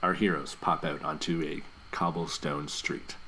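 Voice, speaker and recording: A man narrating an improvised comedy audio play in a casual, deadpan way. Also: extremely low pitch, unhurried, slight background noise.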